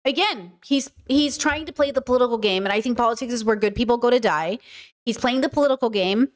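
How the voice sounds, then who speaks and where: A woman's voice: a little high, fast. Blunt, ranting woman streamer. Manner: blunt, swears, rants heatedly; answers chat questions aloud. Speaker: streamer and podcast host. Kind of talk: casual livestream commentary.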